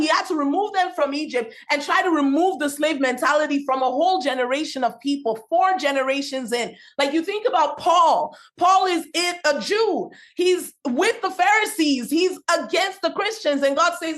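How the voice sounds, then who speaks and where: A young woman with a non-native English accent, talking passionately on a faith-based podcast in a quick, preachy storytelling way. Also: sits high, expressive, a bit bright. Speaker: podcast host, Christian business speaker.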